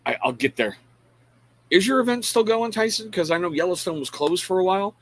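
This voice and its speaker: A man's voice: high voice, expressive, brisk, a bit bright, rough recording. A middle-aged man hosting a casual live stream in a loose, rambling way. He speaks frankly and pokes fun at himself, breaking off mid-thought to greet viewers by name. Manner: frank, self-deprecating. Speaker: live show host.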